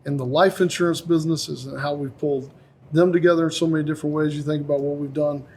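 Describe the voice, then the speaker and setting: The CEO behind this podcast talks fast in a slightly high voice over faint background noise. In an easygoing chat, he tells a story with gusto, voicing the people involved as he goes.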